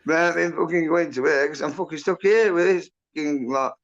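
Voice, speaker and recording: A man's voice: fairly high pitch, brisk. A man telling a rambling, sweary, agitated story in casual chat. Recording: muffled lo-fi audio.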